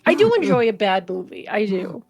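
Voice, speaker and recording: Relaxed, laughing woman guest. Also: medium pitch, a little fast, gravelly, husky, dry recording, soft background music. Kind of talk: casual chat.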